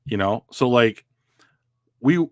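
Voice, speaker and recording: A man's voice: medium pitch, animated, slow pace, no room sound, clean studio sound. A man co-hosting a podcast in casual chat, rambling with many fillers and restarts. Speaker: podcast co-host. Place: home.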